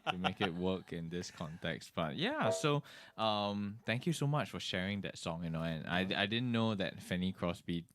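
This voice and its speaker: A man's voice: low voice, lively intonation, moderate pace, few pauses, fairly bright tone, a little hiss or hum. A man hosting a live stream from a studio, chatting casually with many fillers and reading out viewer comments.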